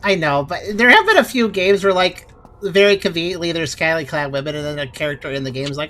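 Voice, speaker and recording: A woman's voice: low-pitched, animated, fast talker, a bit bright. A woman giving casual, sarcastic commentary while playing a video game. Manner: sarcastic, critical. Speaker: let's play host.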